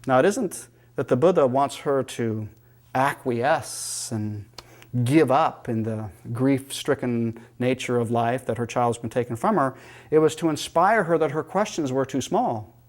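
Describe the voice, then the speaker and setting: A man teaching yoga philosophy in a calm, reflective manner and telling teaching stories. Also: mid-range voice, measured pace. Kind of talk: spiritual lecture.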